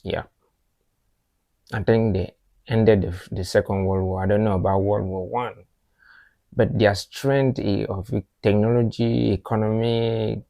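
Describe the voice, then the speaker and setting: A man's voice: lowish voice, creaky, a little mellow, no room sound. A man from Africa hosting a reaction video, talking in an earnest, reflective way that often repeats phrases. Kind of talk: casual reaction commentary.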